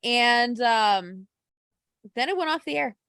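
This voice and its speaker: A woman's voice: fairly high pitch, takes it slowly, clean tone, dry recording, clean studio sound. Gushing woman chatting on a podcast. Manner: gushing, animated storytelling. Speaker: podcast co-host. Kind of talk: casual chat.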